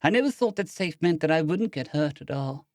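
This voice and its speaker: A man voicing a drowsy, injured young girl on painkillers who speaks slowly and dreamily. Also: a little high, animated, darkish tone, dry recording, clean studio sound, pitched above the performer's own voice, close to an everyday voice. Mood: dreamy. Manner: slow, dreamy, humming speech. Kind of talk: audiobook character voice.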